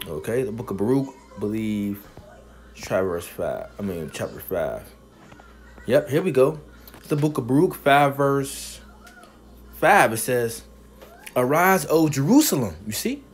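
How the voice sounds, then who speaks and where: A man preaching a sermon, reading scripture verses slowly and then explaining them, asking "you see?" again and again. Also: mid-range voice, expressive, soft background music. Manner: emphatic, punctuates with "you see?".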